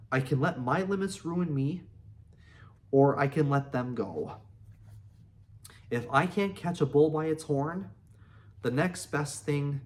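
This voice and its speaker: Guy reading a memoir out loud, kinda high voice, steady and earnest. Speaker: audiobook reader.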